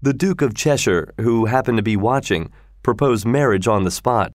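A man reads a storybook aloud in a measured, even way. His voice sits at a middle pitch and comes across dry and close, with no room sound around it. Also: no echo. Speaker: audiobook narrator. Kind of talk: scripted storybook narration.

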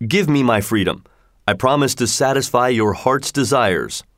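A man doing a crafty genie, pleading, coaxing, mid pitch, dry recording. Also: lively intonation, normal speed, fairly bright tone, dry recording, close to an everyday voice. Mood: wheedling. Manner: wheedling, coaxing.

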